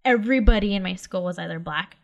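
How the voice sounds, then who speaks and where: A woman's voice: mid-range voice, quick pace, gravelly, muffled recording. A young woman from the Los Angeles area co-hosting a podcast in casual chat, full of "like" and "um" fillers. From Los Angeles area, California. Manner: chatty, lots of "like" and "um" fillers. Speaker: podcast co-host.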